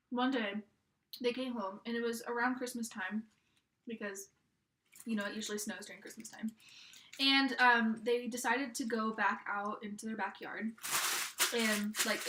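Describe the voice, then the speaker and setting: A woman's voice: fairly high pitch, roomy sound. A young woman telling a scary story casually, rambling with lots of fillers. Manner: rambling, filler-heavy, relaxed. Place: in a car.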